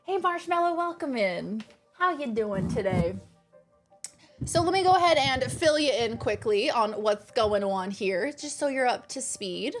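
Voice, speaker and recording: A woman's voice: fairly high pitch, animated, measured pace, soft background music. A young woman streaming a video game, chatting with her viewers in a playful, jokey way. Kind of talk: casual live-stream chat.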